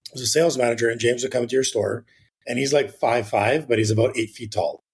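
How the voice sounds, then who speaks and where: A man's voice: mid-range voice, fairly even intonation, quick pace, husky. A man, a real estate agent guest on an interview podcast, telling a rambling anecdote in a casual way with the odd swear word.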